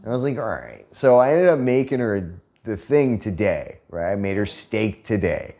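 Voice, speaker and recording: A man's voice: fairly low pitch, normal speed, mellow. A man telling a story in a casual, profane, joking way and laughing often. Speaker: vlogger.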